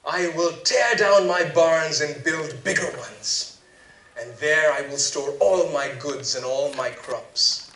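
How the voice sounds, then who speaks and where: A man's voice: on the high side, slow pace, fairly bright tone. A man voicing a self-satisfied rich farmer who muses aloud about building bigger barns. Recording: echoey hall, distant mic.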